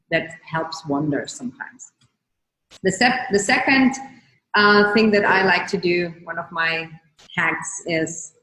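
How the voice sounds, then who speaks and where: Gentle woman coaching in an echoey room. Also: lowish voice, lively intonation, measured pace. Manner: gentle, repeats key phrases, guides breathing. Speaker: wellness coach and show host. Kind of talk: casual coaching talk to viewers. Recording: roomy echo.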